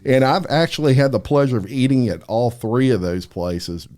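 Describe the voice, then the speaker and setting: A man's voice: mid-range voice, normal speed, darkish tone. Chatty man hosting a podcast. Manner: friendly, chatty, with fillers and restarts. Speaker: podcast host. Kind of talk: casual interview. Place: studio table across from guest.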